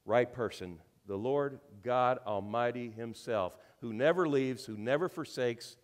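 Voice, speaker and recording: A male minister delivering a sermon, swinging between hushed, tender passages and loud, emphatic peaks, often calling out questions to the congregation. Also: medium pitch, expressive, unhurried, hardly any pauses, big-room sound.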